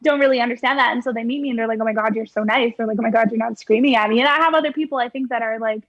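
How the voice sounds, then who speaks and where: A woman's voice: a little high, very fast, dry recording. Blunt swearing young woman, dull dry sound. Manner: blunt, swearing, lively storytelling. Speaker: podcast guest. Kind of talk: casual podcast chat.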